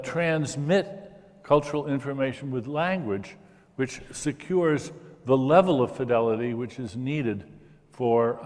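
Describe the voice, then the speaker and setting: A man's voice: mid-range voice, big-room sound. An older man in an interview, explaining ideas with enthusiasm and stammering at the start of sentences. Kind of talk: conversational interview.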